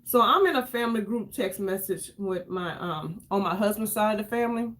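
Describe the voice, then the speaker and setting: A woman's voice: mid-range voice, lively intonation, fairly quick, a bit bright. A woman in her fifties chatting casually on a livestream while doing her makeup, effusive and greeting viewers by name. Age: 50s.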